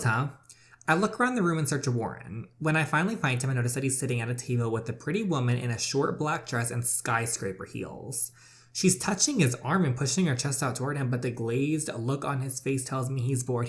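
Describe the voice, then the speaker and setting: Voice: medium pitch, lively intonation, fairly quick. A let's-play gamer reading a romance story game aloud with sassy, chatty commentary.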